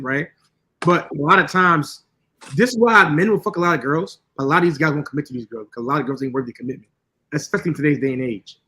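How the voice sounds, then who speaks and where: High bright-voiced blunt podcast man. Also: poor audio. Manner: blunt, profane, lecturing. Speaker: podcast co-host. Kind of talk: casual podcast talk.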